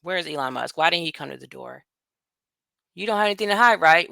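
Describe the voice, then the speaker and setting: A woman's voice: deep voice, creaky, bright, forceful tone, dry recording. A woman from the United States talking straight to her viewers in a blunt, profane, rambling political rant. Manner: blunt, profane, ranting, quick asides. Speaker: vlogger. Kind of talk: casual political commentary to camera.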